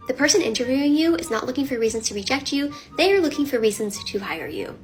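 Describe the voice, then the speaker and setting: A woman's voice: high-pitched, lively intonation, fairly quick, a little mellow, soft background music. A woman content creator giving career advice in punchy, upbeat, emphatic tips. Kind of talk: comedic tips and skits.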